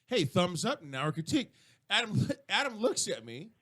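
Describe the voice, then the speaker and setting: Animated high-voiced male storyteller. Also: normal speed. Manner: animated storyteller, swears freely. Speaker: co-host telling a riding story. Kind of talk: casual radio chat.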